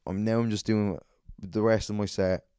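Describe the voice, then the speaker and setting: A man's voice: fairly low pitch, level tone, normal speed, mellow, clear, resonant tone, no echo, clean studio sound. A man who hosts a podcast and does stand-up, telling a profane, rambling anecdote on his own. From Ireland. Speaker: podcast host and stand-up comedian. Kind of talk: casual solo podcast storytelling.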